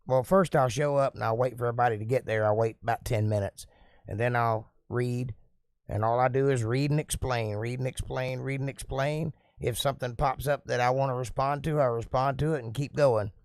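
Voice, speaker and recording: A man hosting a casual live stream, reading viewer comments aloud and answering them in a relaxed, talkative, folksy way. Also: mid-range voice, fairly quick, dry recording, studio quality.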